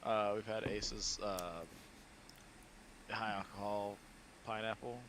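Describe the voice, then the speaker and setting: A man co-hosting a casual chat show, animated and playful, swearing freely. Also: fairly low pitch, slow, slight background noise. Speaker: podcast co-host.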